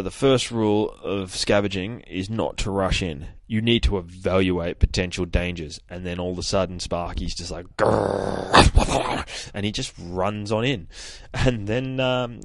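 A low-voiced man hosts a podcast and recaps a comic book with a loose, swearing, self-mocking energy. The recording is dry and close to the mic. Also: normal speed, dry recording. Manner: animated, profane, laughs at himself. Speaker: podcast host.

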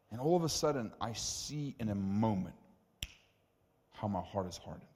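A man preaching as the preacher, telling stories in an animated, conversational way with many asides. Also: lowish voice, normal speed, long pauses. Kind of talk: sermon storytelling. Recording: reverberant hall.

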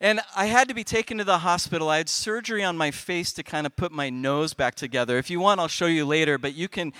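Telling children a funny story from his own life, this middle-aged man performs on a youth festival stage with big shifts in volume. He speaks fast in a slightly high voice, recorded without echo.

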